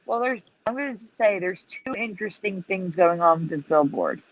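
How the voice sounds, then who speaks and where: A woman's voice: on the low side, lively intonation, moderate pace. A woman co-hosting a casual livestream chat, explaining pictures and asking viewers questions. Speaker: co-host. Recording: dull lo-fi stream audio.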